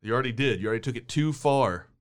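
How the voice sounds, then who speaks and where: A man's voice: mid-range voice, very fast, clean tone, no room sound. A middle-aged man co-hosting a casual movie podcast as a father, talking in a wry, teasing, mock-exasperated way from a studio booth.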